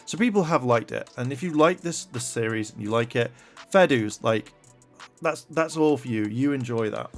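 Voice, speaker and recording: A man's voice: medium pitch, normal speed, soft background music. A man giving a profane, irritated commentary rant and reading articles aloud with lots of fillers. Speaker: commentary vlogger. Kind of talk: ranting commentary.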